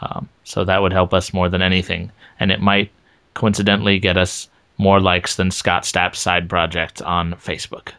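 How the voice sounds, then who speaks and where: A man's voice: deep voice, flat delivery, normal speed, a bit bright, clean tone. A man co-hosting a gaming podcast, easygoing and teasing, with frequent fillers. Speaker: podcast co-host. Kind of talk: casual podcast chat.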